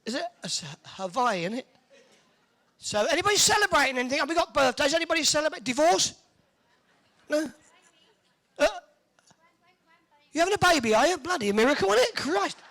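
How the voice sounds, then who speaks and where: A tournament MC, joking and teasing the audience during crowd warm-up banter in an indoor arena. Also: high voice, sing-song, brisk, long pauses.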